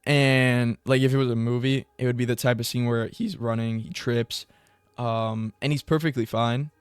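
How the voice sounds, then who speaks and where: A man's voice: moderate pace, smooth, no echo. A young man talking casually and at length on his own as a commentary vlogger, rambling and swearing freely. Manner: rambling and profane, with bursts of high excited mock voices. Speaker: MMA commentary YouTuber.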